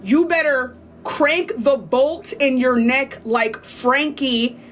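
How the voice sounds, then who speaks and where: High-pitched female streamer, heated threats, laughing, faint room noise. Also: takes it slowly, fairly bright tone. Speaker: livestreamer. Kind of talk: livestream rant.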